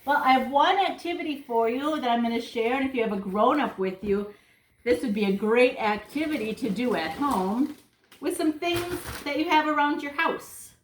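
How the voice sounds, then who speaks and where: An older woman reading a picture book aloud to preschoolers, expressive and inviting them to join in. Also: high voice, normal speed, slight background noise. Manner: expressive, asks children to join in. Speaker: preschool storytime teacher. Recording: echoey room.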